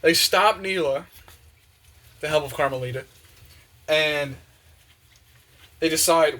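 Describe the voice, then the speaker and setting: Young man, casual rambling, bright tense voice, slightly high, slangy, many fillers, faint kitchen noise. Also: slow pace, pauses often. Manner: excited, slangy, many fillers, acts out quotes. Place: home kitchen with open windows.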